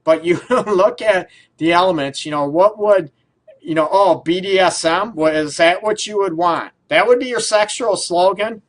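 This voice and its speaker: A male radio host riffs casually into a studio mic, his voice sitting a little on the high side. He rambles through loose questions, padding them with fillers and breaking into chuckles. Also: normal speed. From Detroit area. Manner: rambling, full of fillers, laughs often. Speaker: radio show host, relationship counselor.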